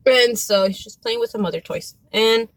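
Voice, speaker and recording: A woman's voice: fairly high pitch, normal speed, no echo, poor audio. A young mother telling a story in a chatty, exasperated, casual rant. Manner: chatty, exasperated, with quoted asides. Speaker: vlogger and mother.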